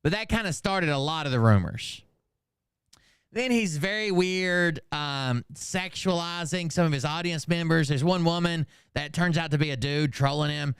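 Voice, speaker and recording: A man's voice: a little high, normal speed, a bit bright, smooth, no room sound, clean studio sound. A man hosting a commentary channel, talking casually and rambling, often losing track of names and swearing in asides. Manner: rambling and forgetful, loses names, profane asides.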